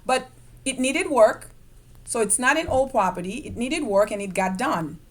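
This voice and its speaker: A woman teaching a real estate investing lesson in a lively way, stressing key words and checking in with her viewers. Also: on the high side, moderate pace. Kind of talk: screen-share investing lesson.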